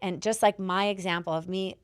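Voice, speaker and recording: A woman hosting a podcast, telling stories in casual chat, swearing freely and acting out quotes with a loud, lively voice. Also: lowish voice, fairly quick, smooth. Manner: animated storyteller who swears and acts out quotes loudly. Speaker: podcast host. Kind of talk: casual chat, coaching advice.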